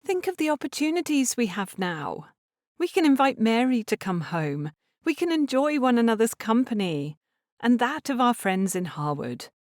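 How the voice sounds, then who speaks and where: A woman voicing an earnest, gentle young lady in a Regency audiobook, speaking in a pleading way. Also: on the high side, very animated, moderate pace, no echo, studio quality, pitched above the performer's own voice. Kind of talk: audiobook character reading.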